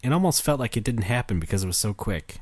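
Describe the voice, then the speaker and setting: A man's voice: fairly low pitch, expressive, fast, darkish tone, husky, no echo. A man co-hosting a podcast in casual chat, wry and profane, laughing often as he tells stories. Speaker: podcast co-host.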